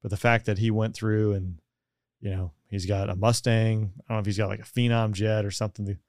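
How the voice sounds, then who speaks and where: A man hosts a casual podcast conversation, chatty and easygoing. His voice is smooth and clean at a middle pitch. It is recorded close and dry. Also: level tone, brisk, a little mellow, dry recording. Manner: chatty, easygoing, laughs often. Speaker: podcast host.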